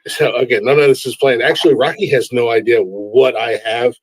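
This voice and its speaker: A man hosting a casual live-stream interview, excitable and stammering through restarts, swearing freely. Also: mid-range voice, a little fast, over a noisy crowd, poor audio. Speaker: host.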